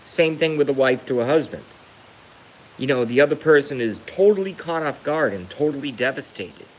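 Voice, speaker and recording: A man's voice: mid-range voice, expressive, normal speed, a little hiss or hum, rough recording. A man ranting on a live stream, emotional and emphatic, repeating his points to hammer them home. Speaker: livestreamer.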